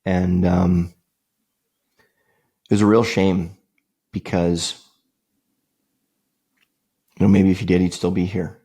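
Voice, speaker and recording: Low gravelly man telling family stories. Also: level tone, takes it slowly, long pauses, mellow. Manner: earnest, conversational, repeats key phrases for emphasis. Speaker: podcast host. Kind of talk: reflective personal storytelling.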